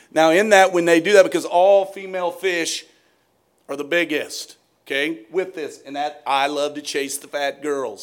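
A man's voice: a little high, a bit bright. A middle-aged man preaching a sermon, folksy and joking, talking straight to the congregation.

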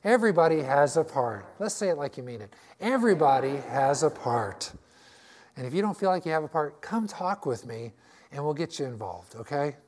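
An older man preaching a folksy sermon in a church, joking and checking in with his congregation. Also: fairly high pitch. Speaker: pastor. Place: church sanctuary.

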